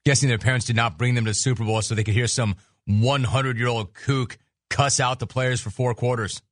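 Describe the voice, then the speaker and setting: Here the sports radio host keeps up his rapid, sarcastic riffing, poking fun at the people he's discussing. He speaks in a middle pitch with fairly even intonation. There's no room sound, just a dry, close recording.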